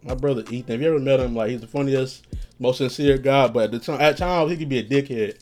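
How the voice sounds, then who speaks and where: A man's voice: medium pitch, quick pace, a little mellow. Rambling, profane man telling stories. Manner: rambling, profane, laughing at his own stories. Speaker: podcast host. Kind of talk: casual storytelling.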